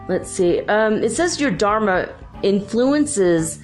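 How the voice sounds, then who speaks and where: Over faint music, a woman hosting a spiritual talk show rambles and chats, full of "you know" and "like." Her voice is medium-pitched, expressive, and slow.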